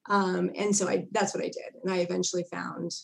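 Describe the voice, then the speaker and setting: Creaky-voiced middle-aged woman telling her story. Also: lowish voice, little pitch movement, brisk. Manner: candid, laughs often, acts out her past self in quotes. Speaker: guest psychotherapist. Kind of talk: personal story in a podcast interview.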